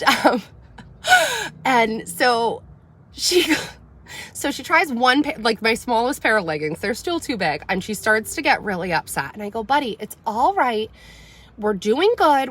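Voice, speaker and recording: A woman tells a family story in a casual livestream. Her voice sits on the higher side and swings widely in pitch. She gets loud and animated whenever she acts out her own scolding. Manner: animated, rising loud when quoting herself scolding. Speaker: mom vlogger telling a story.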